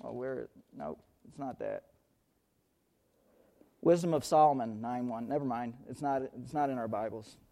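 A man's voice: mid-range voice, normal speed, pauses often, warm tone. A man preaching a sermon, who leans hard on key words, repeats them, and thinks aloud while hunting for verses.

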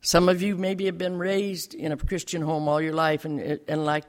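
A man's voice: a little high, flat delivery, normal speed. An older man telling a personal testimony to a church congregation, bringing the story to life by acting out the dialogue. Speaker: lay speaker giving a testimony in church.

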